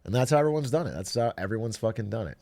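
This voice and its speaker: A man's voice: mid-range voice, very fast, vocal fry. A man streaming live, chatting casually with viewers in jokey, profane rants. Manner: swearing, animated, jokey rants. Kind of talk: casual livestream chat.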